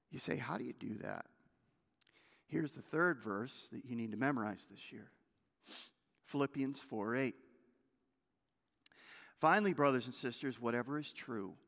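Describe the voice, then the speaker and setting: A male pastor delivering a sermon, swinging from loud exhortation to hushed intensity. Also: fairly high pitch. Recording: long hall reverb.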